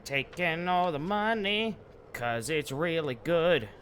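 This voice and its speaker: A man's voice: fairly high pitch, lively intonation, slow pace, fairly bright tone, slight background noise. A man chatting casually while streaming a video game live, swearing freely and muttering asides to himself. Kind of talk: casual live gameplay chat.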